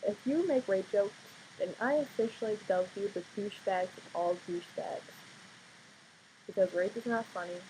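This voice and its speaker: A sleepy teenage girl talks softly into her camera at home late at night, trying not to wake anyone. She rambles with lots of ums and trails off, then turns blunt and heated. Her voice sits mid-range, with a faint hiss behind it. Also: mid-range voice, normal speed, poor audio. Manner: quiet, tired, rambling with many fillers, blunt outbursts. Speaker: vlogger. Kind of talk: casual vlog monologue.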